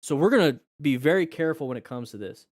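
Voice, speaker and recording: A man's voice: fairly high pitch, expressive, quick pace, a little mellow, no echo, clean studio sound. A man hosting a casual live stream, chatty and joking as he explains first aid. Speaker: live-stream host reviewing crash videos.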